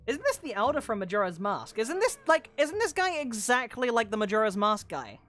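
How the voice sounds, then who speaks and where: Woman gamer, live stream commentary, fairly high voice, excitable, foul-mouthed. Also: brisk, faint music behind. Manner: excitable, swears a lot, loud outbursts. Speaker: streamer playing a video game. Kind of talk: casual live gameplay commentary.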